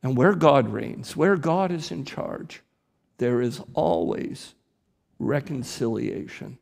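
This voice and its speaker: A man, a priest preaching a sermon in church, slow and deliberate with emphatic rises. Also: mid-range voice, lively intonation, vocal fry, darkish tone.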